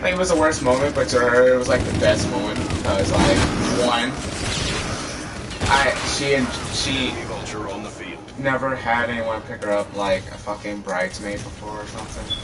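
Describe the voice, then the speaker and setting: Rambling teenage boy, loud gunfire behind. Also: mid-range voice, steady tone, normal speed. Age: teens. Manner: loose, filler-heavy, cursing, self-interrupting. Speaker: vlogger. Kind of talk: rambling personal storytelling. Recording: distant mic, loud gunfire noise.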